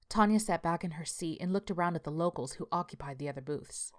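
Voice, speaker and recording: A woman tells a scripted story in a measured, even voice. Her pitch sits low. She keeps a steady storyteller's pace. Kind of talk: scripted narration.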